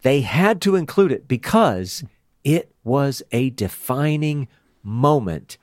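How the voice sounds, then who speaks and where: A man leads a relaxed Bible study with an animated, chatty delivery. His pitch swings widely as he talks, and he breaks into laughter now and then. The sound is dry and close. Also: slow pace, no room sound. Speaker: Bible teacher. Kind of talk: casual Bible study talk.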